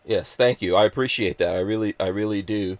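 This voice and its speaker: A man's voice: on the low side, brisk, no echo. A man hosting a live podcast stream, chatting casually in an upbeat, joking, rambling way. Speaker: podcast host.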